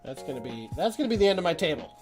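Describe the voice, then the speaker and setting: A man's voice: on the high side, sing-song, racing, over music. A young man hosting a live painting stream, rambling and self-doubting as he chats with viewers. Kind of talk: casual live-stream chat while painting.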